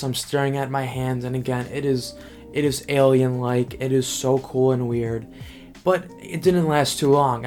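Rambling, excitable young man vlogging. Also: mid-range voice. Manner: rambling, excitable, heavy on fillers and profanity. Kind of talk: casual monologue to camera.

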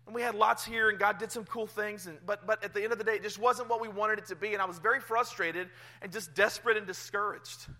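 A male pastor, around his thirties, preaching a sermon in church, telling a personal story with swings from hushed to loud. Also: high voice, steady tone, quick pace, hardly any pauses. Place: church sanctuary.

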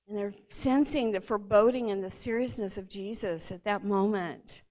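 A woman teaching a Bible passage in a lively, conversational way, sometimes acting out the voices of the people in the story. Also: medium pitch, moderate pace, few pauses. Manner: animated retelling, acts out the disciples' voices. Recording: dull lo-fi sound.

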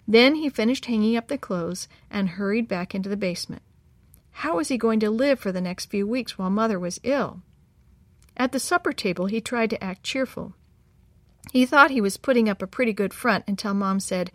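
A woman narrating a children's story in a calm, measured way. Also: mid-range voice, no echo.

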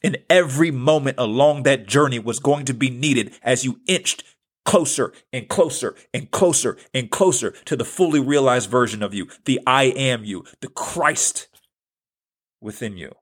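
Man in his thirties, husky voice, earnest spiritual podcast talk, casual slang. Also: medium pitch, moderate pace. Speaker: podcast host. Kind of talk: spiritual self-help talk.

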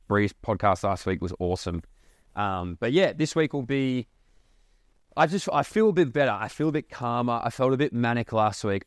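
A young Australian man rambling casually on his podcast, animated and swearing freely. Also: on the low side, no echo. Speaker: podcast host.

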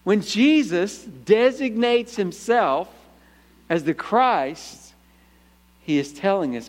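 High-voiced pastor preaching emphatically. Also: male voice, expressive, takes it slowly. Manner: emphatic, calls out for "Amen?", swings between punchy lines and hushed low asides. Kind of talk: sermon. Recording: echoey hall reverb.

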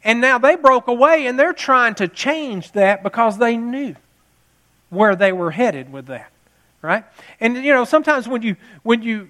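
A man's voice: sits high, fairly bright tone. A man preaching a sermon in a conversational storytelling way, repeating phrases and building to passionate emphasis. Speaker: pastor.

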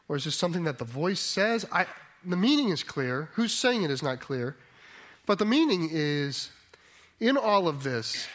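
Male pastor preaching a sermon, bit high voice, thinks out loud then gets emphatic. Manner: thoughtful, reflective, rising to emphatic.

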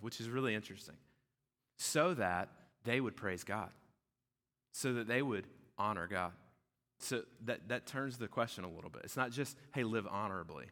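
Male pastor, fairly low voice, emphatic conversational sermon, long hall reverb. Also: moderate pace, a bit bright.

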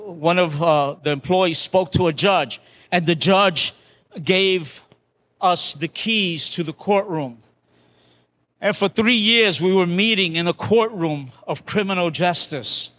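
A man's voice: high voice, a little slow, fairly bright tone. Older male pastor telling a testimony. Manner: conversational, with restarts and acted-out quotes. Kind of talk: sermon testimony, storytelling.

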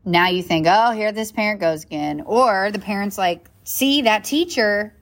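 A woman talks through a solo podcast episode in an easygoing, conversational way. She is a young adult at a middle pitch. She leans on "like" and checks in with her listeners as she goes. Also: normal speed, a bit bright. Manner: chatty, filler-heavy, frequent "like" and "right?". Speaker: podcast host and coach. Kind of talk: casual solo podcast talk.

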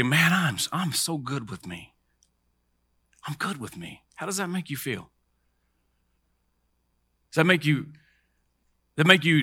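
Middle-aged male preacher, crisp dry sound, bright tense tone, talks the crowd through call-and-response. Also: a little high, no echo. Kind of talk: sermon.

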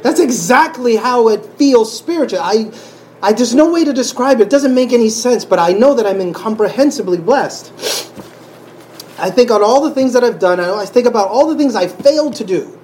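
A man sharing a personal faith testimony in an emotional, halting way, often restarting his sentences and sighing. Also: very high voice, animated, a little mellow, slight background noise, rough recording. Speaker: church member sharing testimony.

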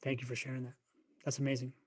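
A man's voice: medium pitch, monotone, fast talker, slightly rough. Eager man hosting a podcast. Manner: enthusiastic, stumbling restarts. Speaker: podcast host. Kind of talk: casual interview talk.

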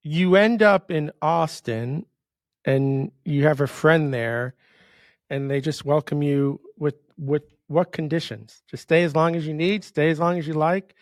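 Emphatic middle-aged host, slightly high. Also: male voice, measured pace, no room sound, studio quality. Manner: emphatic, asks lots of questions. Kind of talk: casual conversation.

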